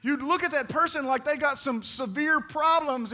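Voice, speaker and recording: A man's voice: extremely high pitch, moderate pace, pushed and bright. A man preaching a sermon, calling on the congregation to answer back and acting out the voices in his stories. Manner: preaching with call-and-response to the congregation; dramatic, acts out quoted voices. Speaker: pastor.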